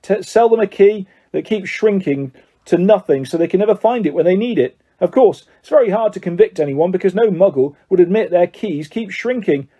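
A man's voice: sits high, expressive, fairly quick, warm tone, husky, lo-fi sound, voice pushed up. A man doing a tired, flustered wizard dad. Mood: weary, flustered. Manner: tired, mumbling, then flustered. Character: mild, flustered middle-aged wizard father.

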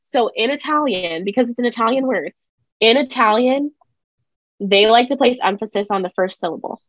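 A woman's voice: fairly high pitch, normal speed, dry recording, highs cut off. A young adult woman co-hosting a podcast, talking casually and emphatically. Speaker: podcast co-host. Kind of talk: casual chat.

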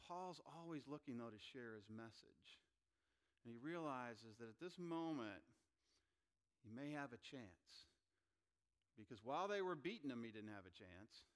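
A pastor preaching to his congregation. His voice swings from loud, emphatic lines down to quiet, soft asides. He reads scripture aloud in between. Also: medium pitch. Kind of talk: sermon.

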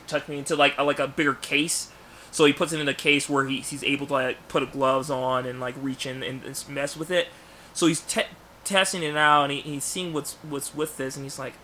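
A man with a bright, forceful voice, talking loosely on a podcast and telling a story. He acts out characters' lines in a hushed voice. A faint hiss sits behind him. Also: fairly high pitch, steady tone, normal speed. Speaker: podcast co-host. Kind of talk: casual fan podcast chat.

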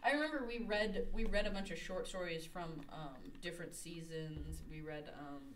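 A woman's voice: on the low side, normal speed. A young woman chatting casually as a podcast co-host, laughing often and filling with "like" and "um". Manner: laughing often, many fillers. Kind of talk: casual chat. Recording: a bit distant from the mic, faint noise.

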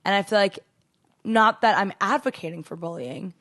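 A woman's voice: medium pitch, normal speed, a bit bright. A woman co-hosting a casual chat, candid and chatty, with lots of fillers.

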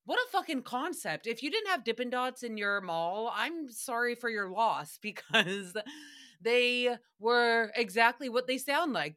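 A young adult woman hosts a casual solo podcast recapping a radio show, sounding chatty, profane and sarcastic. Her voice is a little high with a sharp tone.

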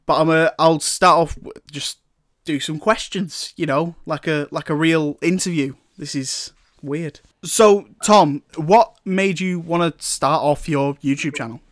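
A young male podcast host with a fairly high voice chats in a bubbly, giggly manner. He trips over and restarts his sentences. The sound is close and dry, with no room echo. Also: measured pace, a bit bright. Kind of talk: casual podcast hosting.

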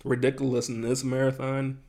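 A young man talks casually on a podcast with friends. His voice sits at a middle pitch. He is laid-back but opinionated and throws in animated asides. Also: normal speed. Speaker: podcast co-host. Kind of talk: casual chat.

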